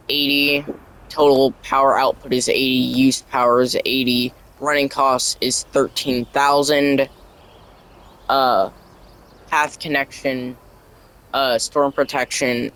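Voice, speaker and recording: A man narrating a casual video game tutorial, reading the game's on-screen text aloud in a halting way with stumbles, his voice wearing out. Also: medium pitch, flat delivery, sharp tone, low-quality recording. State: losing his voice. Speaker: gaming channel creator.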